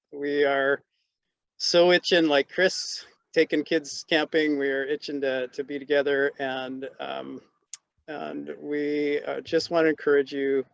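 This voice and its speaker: A pastor closing a casual chat with a gentle, encouraging blessing, halting with fillers. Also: male voice, fairly high pitch, vocal fry, dry recording. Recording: dull dry lo-fi audio.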